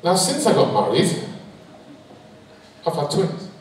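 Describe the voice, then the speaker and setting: A middle-aged man with a Liverpool accent doing a stand-up comedy set of deadpan one-liners on stage. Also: on the high side, a little slow, a little hiss or hum. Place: large hall on stage. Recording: echoey hall, mic at a distance.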